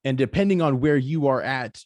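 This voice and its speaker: A young adult man speaks in a mid-low voice on a podcast. He talks in a laid-back, rambling way full of fillers. The sound is dry and close, with no room echo. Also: fairly quick, darkish tone. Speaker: podcast guest. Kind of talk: casual conversation.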